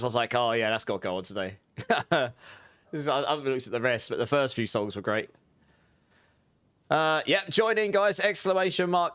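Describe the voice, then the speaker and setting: Man, game streamer, casual live chat, smooth clear voice, easy laughs, greets viewers by name. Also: medium pitch, a bit bright.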